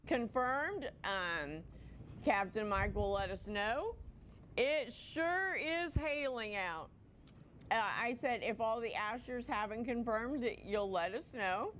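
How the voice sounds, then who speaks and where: A woman's voice: fairly high pitch, lively intonation, takes it slowly, fairly bright tone, slight background noise. A woman hosting a live TV shopping show, chatting playfully while presenting. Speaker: home shopping host.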